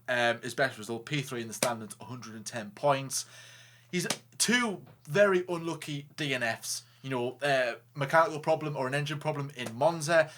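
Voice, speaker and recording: A man co-hosting a casual racing talk show, joking, animated and stumbling over restarts. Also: medium pitch, a little hiss or hum. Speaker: co-host. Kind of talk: casual chat.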